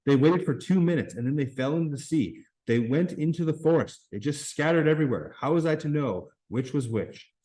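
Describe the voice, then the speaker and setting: A man reading aloud and voicing a fussy, indignant schoolboy who scolds the others in a raised, slightly higher voice. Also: animated, fairly quick, hardly any pauses, warm tone, natural voice, low-quality recording. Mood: panicked.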